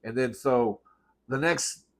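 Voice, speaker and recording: A man's voice: mid-range voice, takes it slowly. Sassy, profane man telling stories. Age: 30s. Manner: sassy, profane, calls listeners "girl"; rambling, self-correcting. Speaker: host. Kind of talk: comedic storytelling while eating.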